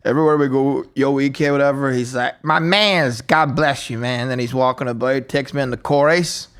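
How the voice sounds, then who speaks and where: A man, co-hosting a podcast in casual chat, telling stories with frequent laughter and quick impressions of others. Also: mid-range voice, fairly bright tone, clean tone. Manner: storytelling, laughing often, mimicking others in quotes. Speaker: podcast co-host.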